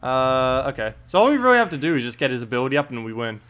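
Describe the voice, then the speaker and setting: A man's voice: medium pitch, very fast, clear, resonant tone. A man casually commenting on his gameplay during a live stream and answering viewer questions. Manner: relaxed, thinks aloud, lots of uh and um. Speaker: game streamer.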